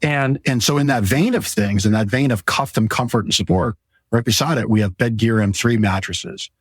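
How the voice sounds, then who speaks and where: Guy rambling excitedly about beds in his mattress shop, lowish voice, dry close sound. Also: moderate pace, husky, dry recording. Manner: rambling, enthusiastic, pitches products. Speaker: podcast host and mattress store owner. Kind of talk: casual sales chat. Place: mattress store showroom.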